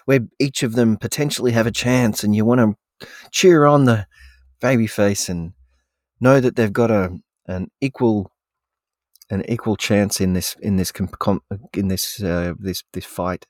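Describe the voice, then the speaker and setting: A man's voice: on the low side, unhurried, a little mellow, no echo, clean studio sound. A man co-hosting a podcast in casual chat, speaking hesitantly with many restarts. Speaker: podcast co-host.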